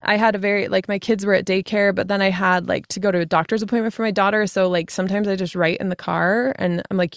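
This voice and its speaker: A woman in her thirties, a fantasy author talking as a podcast guest, chatty and full of quick asides. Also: mid-range voice, steady tone, smooth, no room sound, clean studio sound. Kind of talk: casual podcast conversation.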